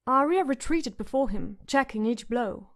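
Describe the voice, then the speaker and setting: A woman's voice: on the high side, lively intonation, moderate pace. A woman reading a fantasy audiobook with dramatic narration.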